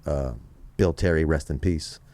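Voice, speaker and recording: A man from Las Vegas, a podcast guest, telling a story in casual talk, animated and swearing freely as he acts out what people said. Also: very deep voice, normal speed. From Las Vegas, USA. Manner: animated, profane, acts out other people's lines.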